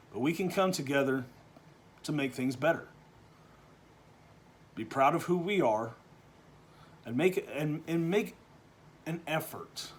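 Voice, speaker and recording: A man from Texas, giving an opinion monologue that is full of restarts and swings between quiet, low stretches and loud, animated bursts. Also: slight background noise. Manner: halting, with frequent restarts and repeated words. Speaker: vlogger.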